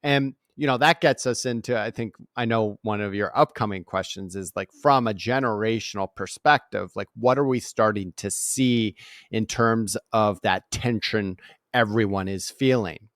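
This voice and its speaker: A guest author and speaker in his forties answers interview questions, telling energetic, animated stories and often tagging on "right?". His voice is fairly low, his pace moderate, and the sound is clean studio quality without room noise.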